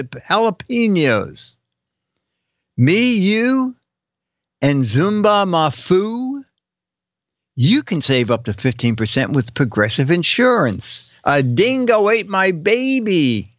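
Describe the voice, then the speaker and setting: A man's voice: high-pitched, very animated, slow, dry recording, lo-fi sound. An older man hosting a casual live show, reading viewers' joke captions aloud and chuckling between them. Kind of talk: casual comedic live-stream chat.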